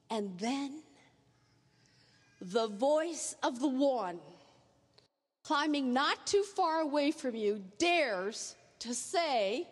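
A woman preaching a sermon, earnest, painting vivid pictures and speaking straight to her listeners. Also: sits high. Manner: earnest, vivid second-person imagery. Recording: echoey hall reverb.

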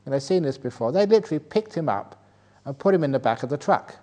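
Older man, Buddhist monk, dharma talk, anecdotal, amused, animated questions. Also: on the high side, quick pace. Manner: anecdotal, chuckles at his own jokes; rises into animated rhetorical questions. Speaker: Buddhist monk teaching a meditation retreat.

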